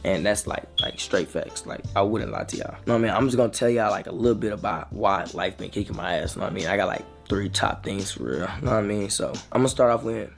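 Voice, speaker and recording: A young man, telling a rambling, slangy storytime to his viewers that grows animated as he retells it. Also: on the low side, creaky. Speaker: vlogger. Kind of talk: casual storytime.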